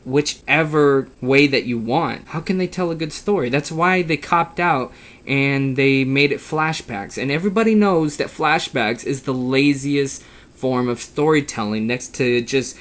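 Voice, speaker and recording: A man's voice: medium pitch, unhurried, a bit bright. A man giving a casual, opinionated game review, rambling and exasperated, with frequent restarts.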